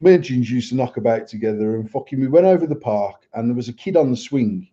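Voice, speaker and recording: A man's voice: mid-range voice, quick pace, warm tone, lo-fi sound. A British man, a podcast co-host, telling a blunt, sweary story in casual chat. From England.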